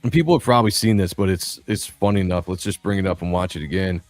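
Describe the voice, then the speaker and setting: A man's voice: low voice, fast talker, a little mellow, dry recording. A man hosting a livestream, chatting in a rambling, jokey way and laughing often. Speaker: livestream host. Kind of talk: casual livestream chat.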